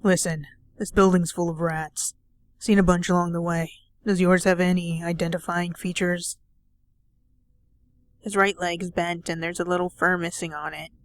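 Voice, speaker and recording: A woman voicing a curt, gruff detective. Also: fairly low pitch, slight background noise, natural voice. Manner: curt, dismissive, bossy. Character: gruff, brusque adult male detective. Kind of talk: voicing game dialogue.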